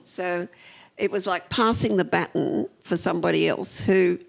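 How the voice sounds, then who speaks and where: This older Australian woman, a film editor, has a lowish, gravelly voice at normal speed. She chats onstage in a rambling manner, drifting off mid-thought with plenty of fillers.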